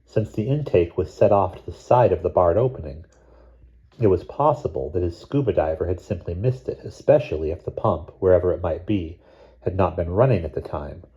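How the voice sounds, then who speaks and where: A man reading a novel chapter aloud in a measured, steady narration. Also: sits low, lo-fi sound. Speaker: audiobook reader. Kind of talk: scripted narration.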